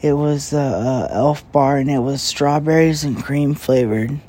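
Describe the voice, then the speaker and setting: A young man hosting a late-night podcast, talking in a slow, crude, meandering way full of fillers and swearing, breathing heavily after a big meal. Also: mid-range voice, mellow. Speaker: podcast host. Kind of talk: rambling late-night casual chat. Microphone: podcast microphone.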